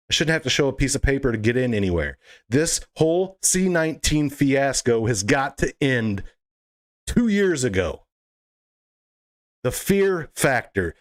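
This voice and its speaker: A political video blogger delivers an impassioned monologue straight to camera, fiery, emphatic and indignant, in a medium-pitched man's voice.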